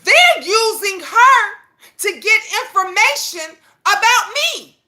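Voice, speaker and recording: High, bright, animated woman. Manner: animated, profane, with sudden rushes and laughs. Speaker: channel host. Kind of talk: casual storytelling vlog.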